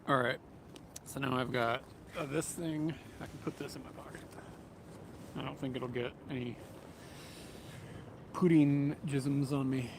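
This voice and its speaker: Gravelly man streaming outside by trains. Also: medium pitch, unhurried, pauses often. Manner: relaxed, rambling, chuckles often. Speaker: livestreamer. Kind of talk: casual livestream chat, reading viewer comments. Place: outdoors in a city, near train tracks. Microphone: small camera-mounted mic. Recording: outdoor street and train noise. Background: passing vehicles and trains.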